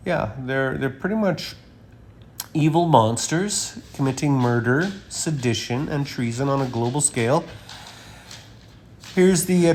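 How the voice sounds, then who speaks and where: A man giving a rambling, emphatic monologue while walking through a slideshow of images, with frequent uh fillers and sudden loud stresses. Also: medium pitch, slight background noise. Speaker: commentator presenting images.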